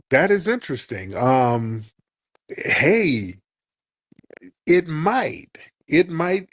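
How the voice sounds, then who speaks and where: A man hosting a live audio chat show, laid-back, calling listeners in and answering with quick comebacks. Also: mid-range voice. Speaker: host.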